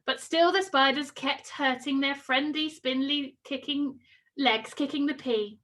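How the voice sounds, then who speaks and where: A woman reading a children's story aloud with expressive, sing-song storytelling. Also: sits high, a little slow.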